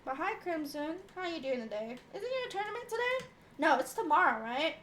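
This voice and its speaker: A woman's voice: sits high, very animated, fast talker, a bit bright, slight background noise. A woman streamer chatting casually and playfully with her viewers, teasing them and asking how they are.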